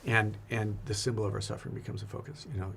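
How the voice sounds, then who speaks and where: A man's voice: lowish voice, fairly even intonation, fast, gravelly, a bit bright, slight background noise. A man, a priest, talking earnestly and reflectively in a casual faith conversation, often repeating his words.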